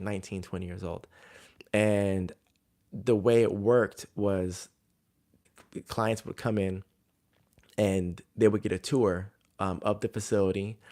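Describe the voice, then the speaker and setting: Male coach, lowish voice, relaxed storytelling advice with lots of fillers. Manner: conversational, filler-heavy storytelling. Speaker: jump coach. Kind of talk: casual advice talk to coaches.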